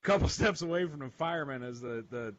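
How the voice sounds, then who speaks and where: A man's voice: medium pitch, expressive, a little fast. A man telling a rambling, profane story in a casual radio chat. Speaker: regular panelist, veteran. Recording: dull lo-fi sound, faint noise.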